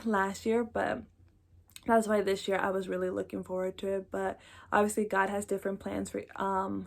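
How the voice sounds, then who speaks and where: Young woman, vlogger, casual rambling chat to camera, mid-pitched, filler-heavy. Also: vocal fry. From Mexico. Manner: chatty, rambling, lots of fillers like "like" and "um".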